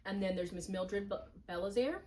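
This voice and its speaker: A woman's voice: medium pitch, moderate pace, dark tone. A woman hosting a book channel, retelling a novel's plot in a chatty, wry way with lots of fillers. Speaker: booktube host. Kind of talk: casual book recap chat. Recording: distant mic with faint noise.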